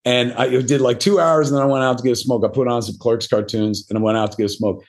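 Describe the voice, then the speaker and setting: A man's voice: medium pitch, steady tone, quick pace. A middle-aged man talking as a podcast guest, telling rambling, profane, self-deprecating stories in a casual interview, full of fillers. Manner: profane, rambling anecdotal delivery with many fillers.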